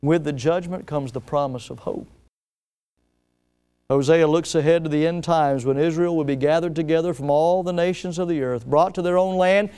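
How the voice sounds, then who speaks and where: A man preaching a sermon at an evening church service. He tells a story dramatically, swelling loud and then dropping soft, and slows down to stress key words. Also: fairly high pitch, clear, resonant tone. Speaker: pastor.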